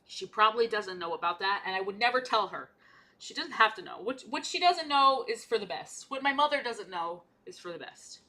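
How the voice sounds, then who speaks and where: A woman's voice: medium pitch, lively intonation, a little fast, sharp tone. A young woman streamer in casual live-stream chat while painting miniatures, chatty and playful, often repeating herself.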